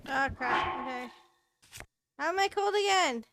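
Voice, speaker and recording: A woman's voice: high voice, lively intonation, a little slow, a bit bright. A woman streaming a video game, chatting casually, narrating her moves and laughing often. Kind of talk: casual live gameplay commentary. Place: at home in a chair. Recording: game sounds with horse hooves behind. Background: video game audio.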